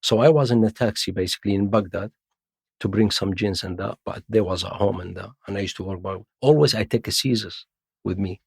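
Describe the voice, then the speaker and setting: Gravelly Iraqi man telling his story. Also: lowish voice, a little fast, dry recording, clean studio sound. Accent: Iraqi Arabic, with London English slang. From Iraq. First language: Arabic. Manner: broken English, acts out voices in his stories. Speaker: podcast guest. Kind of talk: casual storytelling interview.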